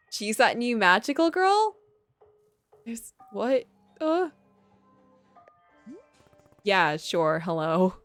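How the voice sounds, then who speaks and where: A woman's voice: mid-range voice, big pitch swings, extremely slow, pauses often, fairly bright tone, no echo. A young adult woman streaming a game, chatting casually and giggling, with the odd swear word. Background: faint game music.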